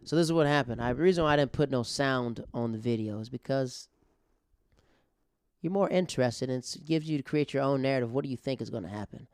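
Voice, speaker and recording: Male comedian, casual storytelling, rambling, smooth voice, dry close sound. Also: medium pitch, fairly quick, darkish tone, no echo. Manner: rambling, conversational, with many restarts and fillers. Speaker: comedian and podcast host.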